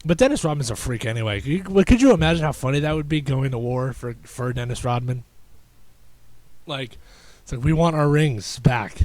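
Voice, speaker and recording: A young man hosting a casual solo podcast, rambling and sarcastic with many halting restarts. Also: mid-range voice, animated, a little mellow, dry recording. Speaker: podcast host.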